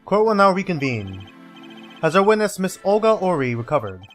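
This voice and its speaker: A man's voice: high-pitched, sing-song, moderate pace, soft background music. A man voicing a stern, formal elderly male judge in a video game, making solemn pronouncements.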